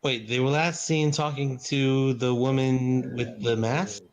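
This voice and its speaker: A man's voice: medium pitch, fairly even intonation, unhurried. A man playing a tabletop game, talking in a playful, joking way both in and out of character. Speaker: player.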